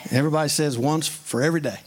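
A man's voice: on the high side, rapid-fire. A man preaching a sermon in an earnest, conversational way, mixing scripture with plain everyday stories.

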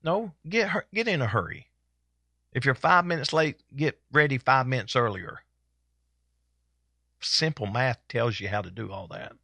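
Folksy preacher guy, fervent, keeps repeating his lines, mid-pitched, dry sound. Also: animated, measured pace, gravelly, long pauses, pushed and bright, no echo. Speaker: pastor. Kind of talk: sermon. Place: church service.

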